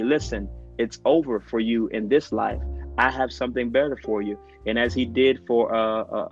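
A man's voice: medium pitch, highs cut off. A man, a youth pastor, sharing his testimony in an earnest, preacherly way with emphatic repetition. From Memphis, United States. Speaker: guest, firefighter and youth pastor. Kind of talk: testimony in a faith podcast conversation.

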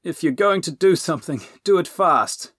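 A man's voice: mid-range voice, big pitch swings, slow pace, fairly bright tone, slightly rough, dry recording, studio quality, voice pushed up, full character voice. A male narrator voicing Robin, a young outlaw who gasps and grunts under strain. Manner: gasping, grunting.

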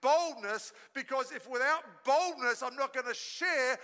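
High bright-voiced man preaching in a hall. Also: a little slow. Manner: storytelling, energetic preaching with audience call-and-response. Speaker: pastor. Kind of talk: sermon. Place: church hall. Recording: live sermon in a reverberant hall.

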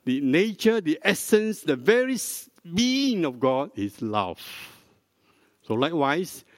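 An older man, a pastor, preaching a sermon in a slow, deliberate teaching manner, prompting the congregation with questions. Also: fairly high pitch, sing-song. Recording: dry close mic with long hall reverb.

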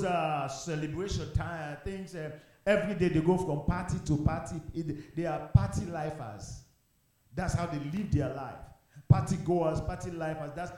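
Man preaching a fervent sermon, mellow voice, lots of church echo. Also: a little high. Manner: fervent, repetitive preaching with rhetorical questions. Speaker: pastor. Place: empty church. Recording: very echoey church room.

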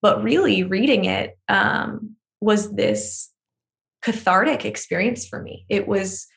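A woman's voice: mid-range voice, slow pace, gravelly, a bit bright. A woman author being interviewed, talking openly and often laughing as she speaks. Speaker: author and guest. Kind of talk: emotional conversational interview.

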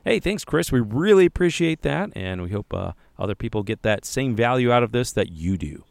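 A man's voice: medium pitch, sing-song, a little fast, gravelly, no room sound. A man co-hosting a podcast, chatting casually and enthusiastically. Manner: enthusiastic, effusive. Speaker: podcast co-host.

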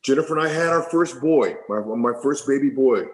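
Middle-aged guy rambling thru a heartfelt story, lots of restarts, regular pitch. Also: lively intonation, brisk, low-quality recording. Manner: heartfelt, rambling, repeats himself. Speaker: former baseball player, guest. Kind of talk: emotional storytelling in an interview.

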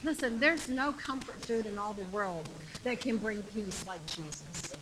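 A woman preaching a sermon with passion, repeating phrases and shouting the climactic lines. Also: on the high side, normal speed, noisy background.

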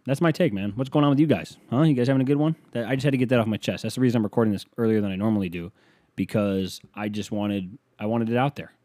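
A man's voice: on the low side, fast talker, mellow, dry recording. A man hosting a solo podcast, rambling and swearing casually as he jumps between topics and keeps interrupting himself. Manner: rambling, profane, self-interrupting. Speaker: podcast host.

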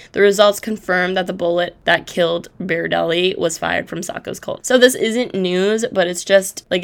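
A woman's voice: fairly low pitch, creaky, fairly bright tone. A woman hosting a podcast, retelling a historical case in a casual, chatty way with irreverent asides. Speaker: podcast host. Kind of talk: casual true-crime storytelling.

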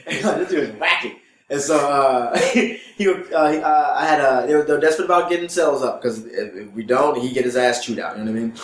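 A man's voice: medium pitch, fast talker, echoey room. Rambling, profane male comedian. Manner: rambling, many restarts, profane. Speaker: comedian guest. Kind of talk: casual storytelling interview.

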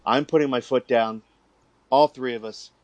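A man hosting a podcast, chatting in a relaxed, casual way with fillers. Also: medium pitch, normal speed, dry recording. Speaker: podcast host. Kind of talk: casual chat.

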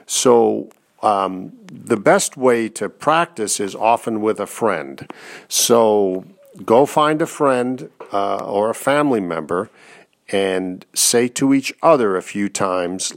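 A man teaches in an easygoing, encouraging way, stopping for the odd filler. He talks slowly, with a voice that sits somewhat low. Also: expressive, vocal fry. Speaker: instructor. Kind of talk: instructional talk.

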